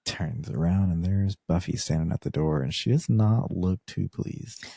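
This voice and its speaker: A man with a very deep, dark, gravelly voice, co-hosting a casual podcast with a slightly husky edge. He walks through scenes earnestly and reacts with disbelief. The sound is dry and close to the mic. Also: animated, normal speed, no room sound. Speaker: podcast co-host. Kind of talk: casual chat recapping a TV episode.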